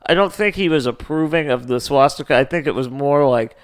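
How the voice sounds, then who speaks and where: A man's voice: mid-range voice, a little fast, clear, resonant tone. A man co-hosting a podcast, reacting with playful, sarcastic banter. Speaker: podcast co-host.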